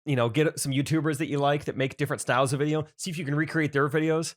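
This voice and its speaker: A man's voice: fairly high pitch, fairly even intonation, fast talker. A man in his thirties co-hosting a podcast, giving encouraging advice in casual chat and laughing along. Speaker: podcast co-host.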